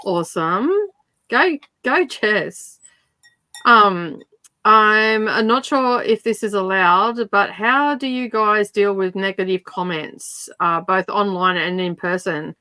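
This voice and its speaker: A woman's voice: medium pitch, slow, sharp tone, clear, resonant tone, no room sound. A middle-aged woman in casual chat, blunt and swearing, laughing a lot.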